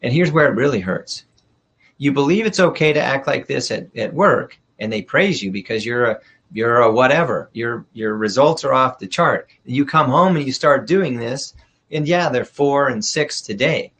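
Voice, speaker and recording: A man's voice: mid-range voice, lively intonation, moderate pace, a bit bright, breathy edge. A middle-aged man giving a workshop talk as a leadership coach, direct and blunt in a coaching tone.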